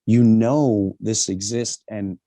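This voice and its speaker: A middle-aged man, appearing as an interview guest, recounts personal stories with animation, imitating other people's voices through big leaps in pitch. The recording sounds slow and dry.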